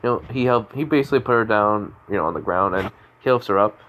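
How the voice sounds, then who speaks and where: A man's voice: lowish voice, fast, fairly bright tone, a little hiss or hum, rough recording. A man telling an improvised fan-fiction story in a rambling way, with frequent restarts and self-corrections.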